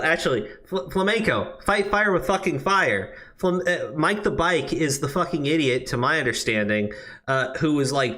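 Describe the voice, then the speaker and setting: Animated, cursing, stammering male streamer. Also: on the high side. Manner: stammering, swearing, heated and ranting. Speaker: streamer and commentator. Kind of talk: profane live-stream commentary. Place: new office.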